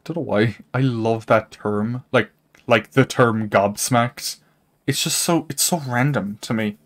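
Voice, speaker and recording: A young man chatting casually with his chat while he plays a game, rambling, saying "like" a lot and laughing often. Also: measured pace. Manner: animated pitch jumps, laughs often. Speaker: streamer. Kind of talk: casual live-stream chat while gaming.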